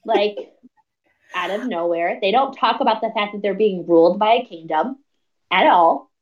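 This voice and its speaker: A woman co-hosting a casual book review podcast, animated, laughing often and acting out characters' lines. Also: medium pitch, moderate pace, far from the mic, muffled recording. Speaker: podcast co-host.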